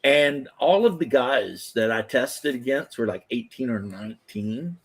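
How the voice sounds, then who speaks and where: A man's voice: mid-range voice, expressive, a little slow, slightly rough. A man in his thirties, a former firefighter, telling rambling, profane stories in casual chat. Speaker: podcast host, former firefighter.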